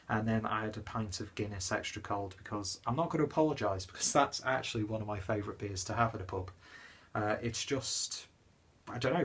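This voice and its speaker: A man's voice: lowish voice, fairly bright tone, husky. A young man from northwest England, slightly tipsy, chatting in a rambling, self-deprecating way as he reviews a beer. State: slightly tipsy after a pub trip. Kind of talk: casual beer review vlog.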